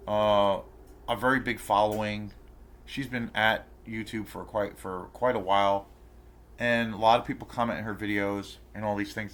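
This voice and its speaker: A man with a lowish, slightly bright voice hosts his own channel and rants to the camera. In this casual vlog he tells an indignant, outraged story that rambles, swears freely, and is packed with fillers and false starts.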